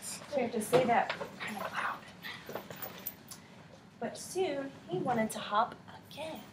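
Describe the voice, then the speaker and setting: In a classroom, a woman teacher reads a picture book to her pupils in a lively read-aloud voice, stopping to ask the kids questions. Her voice is slightly high and her pace slow, with noise in the background.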